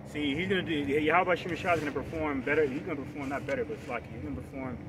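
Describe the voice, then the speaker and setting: Halting male street preacher, off-mic. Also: on the high side, steady tone, far from the mic. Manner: halting, repeats words, ends phrases with "man"; reads scripture louder and slower. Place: outdoors on a city street. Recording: heavy street traffic noise, voice from off-mic. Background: loud traffic noise.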